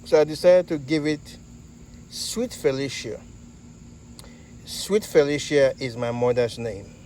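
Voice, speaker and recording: A man from Nigeria with a Nigerian accent, hosting a casual garden vlog in an unhurried, halting way. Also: medium pitch, warm tone, slight background noise, poor audio. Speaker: fig grower and channel host.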